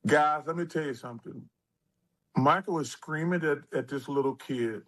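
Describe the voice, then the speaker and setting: A man in his sixties, a former basketball player, telling animated stories in an interview and acting out what people said. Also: fairly high pitch, normal speed, low-quality recording. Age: 60s. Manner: animated storyteller who acts out quotes. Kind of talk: storytelling interview.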